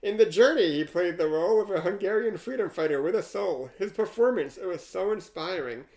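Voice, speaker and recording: A man co-hosting a podcast, casually chatting and reading a rhyming poem aloud with deadpan, wry asides. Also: high-pitched, a little fast, low-quality recording. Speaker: podcast co-host.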